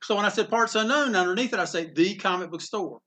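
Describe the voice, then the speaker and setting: A middle-aged man from North Carolina spins comic-convention anecdotes in a casual interview. His voice sits high and bright. He slips into the people he quotes as he talks. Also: quick pace. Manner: animated anecdotes with acted-out quotes. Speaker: comic shop owner. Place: inside his comic shop.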